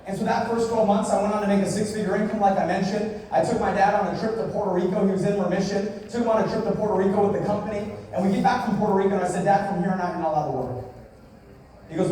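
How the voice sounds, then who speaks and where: A young man tells a personal story in a motivational speech at a business event, dropping his voice low and soft for the emotional parts. The sound is distant and echoes around a hall.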